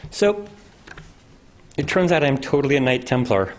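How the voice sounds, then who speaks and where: A man's voice: mid-range voice, lively intonation, moderate pace. A man, a poet, reading his own poems at a university event with a dry, wry delivery. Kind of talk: poetry reading.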